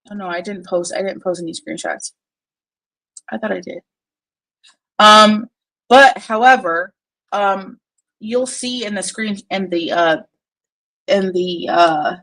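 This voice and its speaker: On a rough recording, a woman with a medium-pitched, fairly bright voice streams casual commentary. She's blunt and profane, rambling and laughing often, and sounds distracted as she multitasks on screen.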